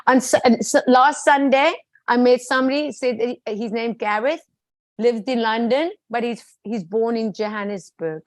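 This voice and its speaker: A woman's voice: on the high side, moderate pace, no echo, rough recording. Chatty South African woman with a dry close sound. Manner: lively storyteller, quotes people in different voices. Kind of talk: casual chat.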